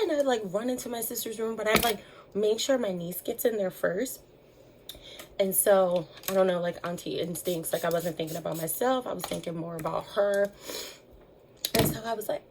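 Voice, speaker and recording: A woman's voice: mid-range voice, fairly quick, darkish tone, slight background noise, rough recording. A young woman telling a story in a chatty vlog, with lots of fillers, voicing the people she quotes. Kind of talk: casual storytime chat.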